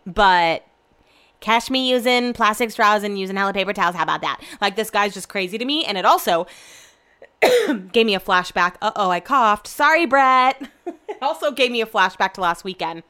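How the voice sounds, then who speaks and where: A young woman chatting casually to her camera at home, animated and swearing freely as she tells stories. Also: medium pitch, normal speed, clear, resonant tone. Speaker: vlogger. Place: home room.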